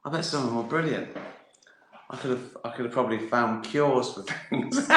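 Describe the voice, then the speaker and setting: A man's voice: mid-range voice, normal speed, a bit bright. A man chatting casually to viewers on a livestream, rambling and self-mocking, wandering off on tangents. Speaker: comedian chatting live to viewers. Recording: roomy echoey room.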